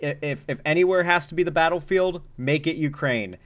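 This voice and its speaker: A man giving casual, animated commentary while reacting to news clips, urgent and joking by turns. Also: on the high side, brisk.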